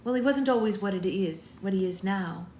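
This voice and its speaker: A woman doing a wild antlered maiden of the woods, centuries old yet youthful, her voice a little higher, soft and hesitant. A storybook reading with roomy echo. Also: moderate pace, slight background noise, lightly acted. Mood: wistful. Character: wild ancient antlered maiden spirit, wistful.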